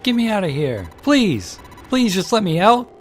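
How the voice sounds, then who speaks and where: A man voicing a terrified young woman in a game reading, shrieking in falsetto and then speaking in a trembling hush. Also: flat delivery, moderate pace, faint music behind. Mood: hysterical screaming.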